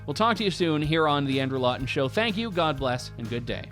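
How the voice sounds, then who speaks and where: A man's voice: a little high, lively intonation, music in the background. A man from Canada, host of an interview show, closing out a conversation and signing off in an earnest, chatty way. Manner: earnest, chatty, quick restarts.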